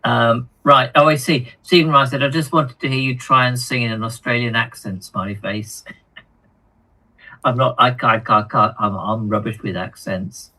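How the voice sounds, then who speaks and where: A man co-hosting a hobby live stream, reading viewer comments aloud in a halting, chatty way with lots of ums and repeated words. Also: mid-range voice, steady tone, pushed and bright, low-quality recording. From United Kingdom.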